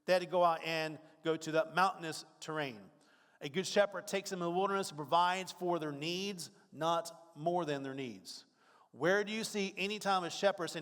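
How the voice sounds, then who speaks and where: High-voiced preacher in a reverberant hall. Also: male voice, moderate pace, a bit bright. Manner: conversational preaching, acts out worried voices. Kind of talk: sermon.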